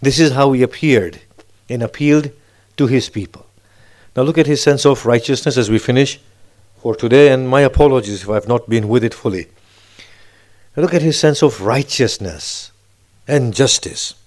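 A man's voice: medium pitch, moderate pace, pauses often, a little mellow. A man delivering a sermon, posing rhetorical questions with emphatic, rising phrases. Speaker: preacher.

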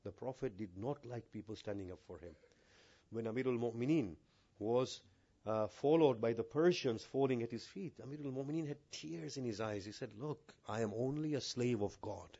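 A man preaching a sermon to a mosque congregation, asking rhetorical questions and swinging between hushed and raised delivery. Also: mid-range voice, moderate pace, dull audio. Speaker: maulana.

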